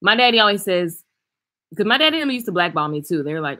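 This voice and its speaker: A woman hairstylist chatting casually and frankly on a livestream, reading and answering viewer comments with animated swings in loudness. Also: mid-range voice, fast. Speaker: hairstylist and vlogger. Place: traveling, indoors.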